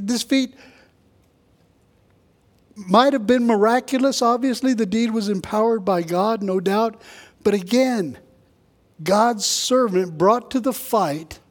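A man preaching a sermon in a conversational way, tossing in quick asides and jokes for the congregation. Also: high-pitched. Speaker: pastor.

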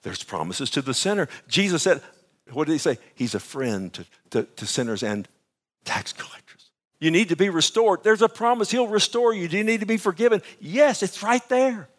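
A man preaching a sermon with fervor, dropping to hushed whispers at times and rising again. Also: sits high, big pitch swings, normal speed. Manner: fervent, swings from loud to hushed whispers.

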